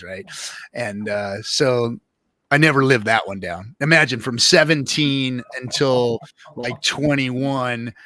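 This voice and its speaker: A man's voice: mid-range voice, pushed and bright, dry recording. A man guest telling his story in a casual, rambling and profane way, full of fillers and restarts.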